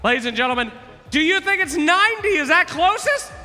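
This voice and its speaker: Hosting a quiz at a live esports event, a man with a piercingly bright, very high voice speaks in a sing-song way, a little fast, energetically teasing contestants and calling out to the crowd. Music and the long echo of a big arena hall fill the recording.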